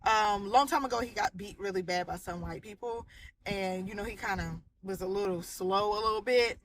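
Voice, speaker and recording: A woman's voice: mid-range voice, moderate pace, a little hiss or hum. A woman casually and animatedly retelling haunting experiences from her family home, acting out the people in it. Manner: animated, vivid retelling with voiced quotes and sound effects. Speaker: storyteller sharing a haunting testimony. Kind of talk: casual spoken storytelling. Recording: audio cutting in and out.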